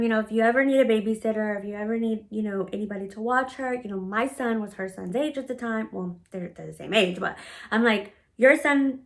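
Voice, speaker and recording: A woman casually telling a story from her own life. She talks bluntly, swears freely, uses lots of filler words, and acts out her own past words as she goes. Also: medium pitch. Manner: animated retelling, often acting out her own past words. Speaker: storytime vlogger.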